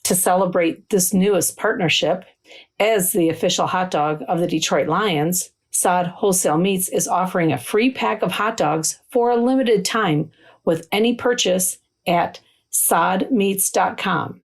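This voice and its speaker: A woman food writer reading a scripted news story in a steady, even manner. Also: lowish voice, a little slow.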